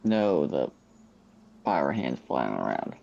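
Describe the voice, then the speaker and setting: A man's voice: extremely low pitch, big pitch swings, slow, creaky, darkish tone, dull audio, slight background noise. A man playing in a tabletop game, laid-back and a little hesitant. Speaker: player. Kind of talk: casual tabletop role-play.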